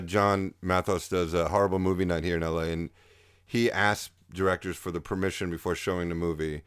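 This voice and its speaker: A man's voice: deep voice, fairly bright tone, clean tone, dry recording, studio quality. A man interviewing a filmmaker, asking blunt, joking questions in a casual way.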